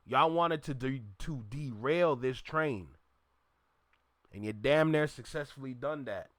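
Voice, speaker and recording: A man's voice: mid-range voice, unhurried, fairly bright tone, no echo. Emphatic man in a dry room. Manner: emphatic, preachy, addresses listeners as y'all. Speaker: reaction channel host. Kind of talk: reaction commentary.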